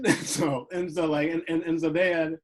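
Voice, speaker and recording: Young air force vet co-host, slightly high voice, rambling chat, many fillers. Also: male voice, little pitch movement, normal speed, rough recording. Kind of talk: casual chat.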